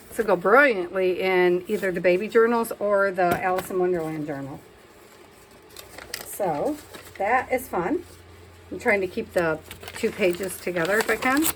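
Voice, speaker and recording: A woman chats her way through a messy art session at a home craft table, talking to viewers and scolding herself as she goes. Her voice sits at an ordinary middle pitch. A faint background hiss runs under the recording. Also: a bit bright, low-quality recording. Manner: chatty, self-talking while working, scolds herself. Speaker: craft vlogger. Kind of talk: casual crafting chat.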